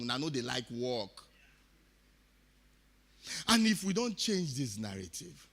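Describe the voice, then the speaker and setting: A man from Delta State with a Nigerian accent, giving an impassioned speech at a summit, repeating phrases and swinging from quiet to loud. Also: fairly high pitch. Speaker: summit speaker. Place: conference hall.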